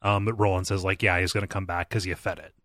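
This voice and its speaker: A man's voice: sits low, level tone, fast, a bit bright, dry recording, clean studio sound. A man hosting a casual book-discussion podcast, explaining at length with lots of fillers. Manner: rambling, filler-heavy explaining. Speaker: podcast host.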